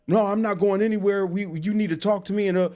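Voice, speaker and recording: A man's voice: sits high, steady tone, fast talker, dark tone, voice pushed up, natural voice. A man putting on the voice of a whiny, self-righteous young man who protests and pleads. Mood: indignant whine.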